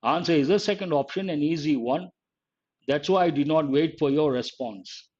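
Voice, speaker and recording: A man's voice: a little high, moderate pace, a little mellow. A man teaching grammar in a live exam-prep class, explaining step by step and repeating key phrases. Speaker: English teacher. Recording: dull lo-fi online class audio.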